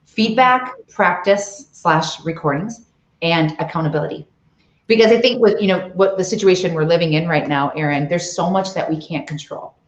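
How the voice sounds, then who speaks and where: A woman's voice: fairly low pitch, moderate pace. A middle-aged woman, an author and CEO, giving emphatic coaching advice as an interview guest. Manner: emphatic, coaching tone with rhetorical questions. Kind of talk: interview on leadership. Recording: roomy, dull lo-fi video call audio.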